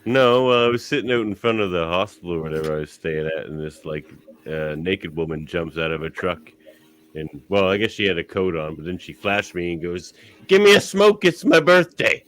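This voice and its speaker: A man's voice: low voice, fairly even intonation, fairly quick, a bit bright, slight background noise. A man co-hosting a podcast, chatting casually with a dry, teasing humor. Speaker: podcast co-host.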